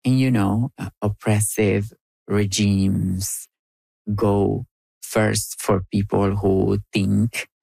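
A woman from Argentina with an Argentine Spanish accent, telling personal stories in an interview in a slow, playful way. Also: very deep voice, flat delivery, gravelly, warm tone, slightly rough, no echo. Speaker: storyteller and writer.

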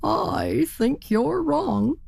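A naive, stubborn tom turkey drawls his questions in a raised, slowed-down voice, as a woman puts him on. He is proud and sure of himself despite every warning. The sound is close and dry, with a slight rasp at the edges. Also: a little high, very animated, a little mellow, voice pushed up, exaggerated voice. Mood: stubbornly hopeful. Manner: slow stubborn insistence, raised voice. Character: proud naive male turkey wandering north.

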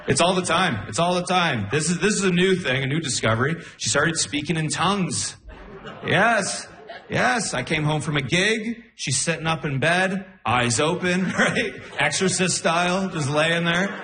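A man doing a stand-up comedy set, telling stories with animated, incredulous outbursts. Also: a little slow. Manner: animated storytelling, jumping into high-pitched incredulous outbursts. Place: comedy club stage. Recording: roomy live venue sound. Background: audience laughter.

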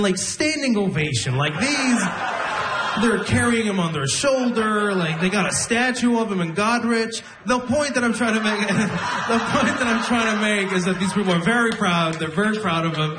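A man's voice: sits high, animated, moderate pace, a crowd in the background. A young man in his twenties doing a stand-up comedy set live, telling stories in a conversational way and acting out the people in them. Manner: conversational storytelling, acts out quoted people. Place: live comedy show before an audience. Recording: live show with audience noise.

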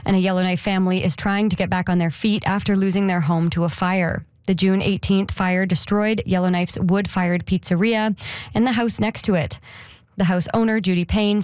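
A woman news anchor reading a regional radio newscast in a steady, measured way. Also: medium pitch, smooth, no room sound. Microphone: studio microphone.

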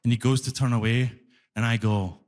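A man with a Glaswegian Scottish accent doing a stand-up comedy set on a concert hall stage, telling a story with animated energy and breaking into shouted rants. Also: medium pitch, a little fast. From Scotland. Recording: live hall reverb.

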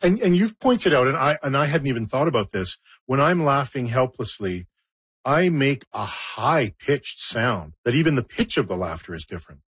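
Wry male documentary narrator, husky. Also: medium pitch, big pitch swings, moderate pace, fairly bright tone, no echo. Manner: playful, wry asides. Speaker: host and narrator.

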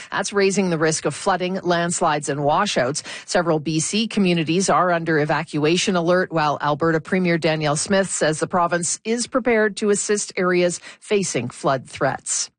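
Female newsreader, low pitch, measured formal delivery, dry. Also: no echo. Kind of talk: radio newscast and studio banter.

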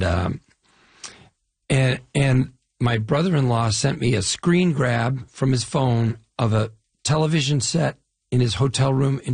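An older man from the Chicago area, a guest actor, telling stories in an unhurried, halting way with fillers in a casual interview. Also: medium pitch, vocal fry, a little mellow, slightly rough, no room sound. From Chicago area, US Midwest.

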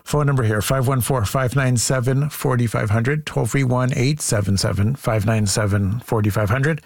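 Brisk male radio call-in host. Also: mid-range voice, vocal fry, no echo. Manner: brisk, reads phone numbers, steady and measured. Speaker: radio talk show host. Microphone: studio mic.

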